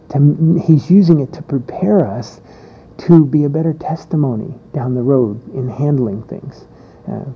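A man's voice: mid-range voice, vocal fry, dull audio, a little hiss or hum. A man preaching a sermon in a conversational way, with frequent fillers and restarts.

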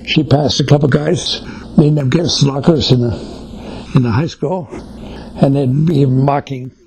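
Gravelly older man preaching folksily. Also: mid-range voice, fairly even intonation, normal speed, darkish tone, poor audio. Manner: folksy, anecdotal. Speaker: Christian speaker on family life. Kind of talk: informal sermon talk.

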